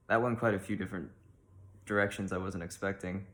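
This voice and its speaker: A man doing a deadpan comedic monologue as host of a mock advice show, rambling and awkward, with many ums and likes. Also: fairly low pitch, brisk.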